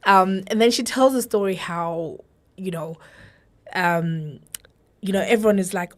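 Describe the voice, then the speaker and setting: A woman from Zimbabwe co-hosts a podcast, speaking at medium pitch and normal speed. In casual chat she tells a long story, checking in along the way with "right?" and "you know."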